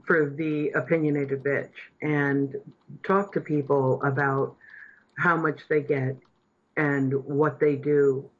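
A woman hosts political talk radio, speaking with earnest, impassioned conviction. Her points build toward emphatic declarations. The sound is slightly dull and muffled. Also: sits low. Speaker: radio host.

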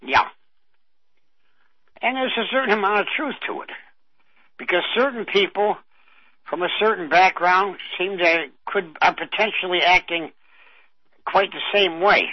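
A man's voice: high-pitched, a little slow, long pauses, no room sound. An older man co-hosting a radio show, reminiscing in a rambling way with many fillers. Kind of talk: casual radio chat. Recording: dull dry radio audio.

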